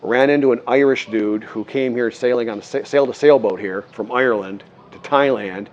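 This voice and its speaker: A man's voice: medium pitch, fairly quick, lo-fi sound. A man vlogging, telling a story in a rambling, earnest way with many restarts. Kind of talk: casual storytelling to camera.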